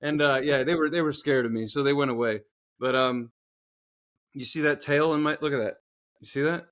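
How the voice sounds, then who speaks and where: A man co-hosting a podcast, telling a workplace story in casual, profane chat and acting out the people in it loudly. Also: mid-range voice, fairly quick. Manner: swearing storyteller, loud animated reenactments. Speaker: podcast co-host.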